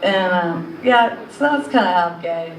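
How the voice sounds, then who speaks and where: A woman's voice: fairly low pitch, animated, measured pace, noisy background. A young woman doing a stand-up set in a comedy club, rambling with lots of fillers. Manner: rambling, filler-heavy delivery. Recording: echoey club audio from a distance.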